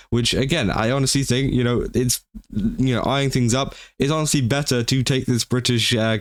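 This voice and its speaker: A man's voice: medium pitch, dry recording, clean studio sound. A man giving casual gaming-news commentary, rambling with lots of fillers and exasperated outbursts.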